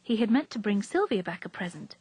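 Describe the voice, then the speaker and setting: A woman reading a story aloud in a steady, even narrating voice. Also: mid-range voice, fairly quick, breathy edge, no echo, poor audio. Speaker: reader.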